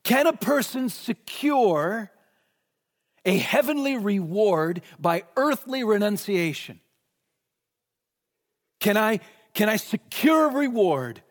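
A man preaching an expository sermon, emphatic, swinging between raised and hushed delivery, in a church sanctuary. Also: high voice. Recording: long reverb of a large hall.

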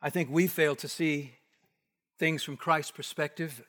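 A man preaching an expository sermon, emphatic and repetitive, dropping to a hush to stress key points. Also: a little high, steady tone, measured pace. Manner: emphatic, repetitive, with hushed drops for weight.

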